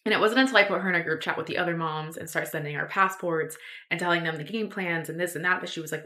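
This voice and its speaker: A woman's voice: on the low side, fast talker, bright, forceful tone. A young woman telling a personal story on her podcast, rambling with lots of fillers and restarts. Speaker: podcast host.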